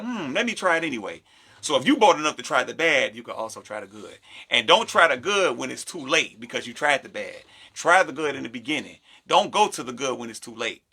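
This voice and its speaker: Bright, creaky-voiced man talking animatedly. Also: mid-range voice. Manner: animated, acts out quoted voices. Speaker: podcast co-host. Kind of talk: casual podcast chat.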